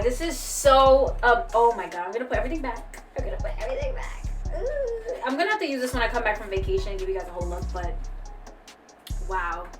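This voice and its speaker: A woman's voice: mid-range voice, distant mic. A woman beauty vlogger gushing and exclaiming as she unboxes makeup, swearing casually as she goes. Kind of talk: excited unboxing chat.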